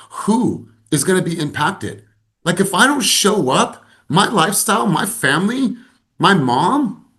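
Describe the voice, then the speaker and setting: A man leading a sales team video call, giving emphatic motivational coaching that builds to loud peaks. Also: mid-range voice.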